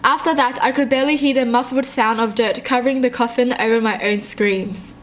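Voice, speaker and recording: A young woman reading short horror stories aloud and reacting in a jumpy, excitable way, often laughing. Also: a little high, brisk, a little hiss or hum.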